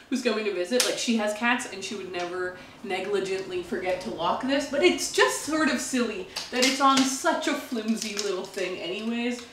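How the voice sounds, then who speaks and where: A woman's voice: mid-range voice, a bit bright, a little hiss or hum. A young woman from Canada narrating a home renovation vlog in a chatty, upbeat way with small laughs. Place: old house, indoors.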